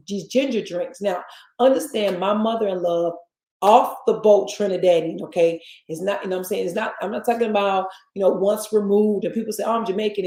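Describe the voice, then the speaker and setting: A woman's voice: mid-range voice, mellow. A woman with a Southern US accent hosting a casual chat show, rambling and talking straight to listeners as y'all. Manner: chatty, addresses listeners as y'all, rambling asides. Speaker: host. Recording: echoey room.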